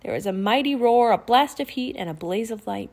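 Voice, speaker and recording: Woman audiobook narrator, children's fiction, clear, expressive. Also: fairly high pitch, a little fast.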